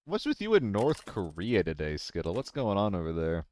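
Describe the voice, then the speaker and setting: A man streaming a game live, chatting casually with viewers, laughing often and swearing when he gets excited. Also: sits low, moderate pace. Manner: excitable, laughing and swearing between relaxed chat.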